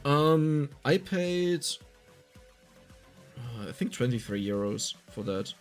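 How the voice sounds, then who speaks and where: A man with a German accent chatting casually on a gaming livestream, talkative and quick to get heated. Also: mid-range voice, expressive, faint music behind. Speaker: streamer.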